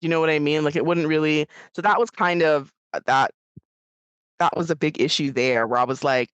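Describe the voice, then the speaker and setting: A woman co-hosting a podcast, chatting casually about a film, animated and laughing often as she acts out lines. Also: sits low, brisk, clean tone, no room sound, low-quality recording. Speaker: podcast co-host. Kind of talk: casual film review chat.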